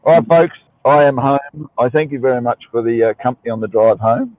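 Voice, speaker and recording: A man's voice: medium pitch, steady tone, brisk, dry recording. A man calling in from his car on the drive home, joking and teasing during a casual chat. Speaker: guest calling in. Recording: tinny dry phone line.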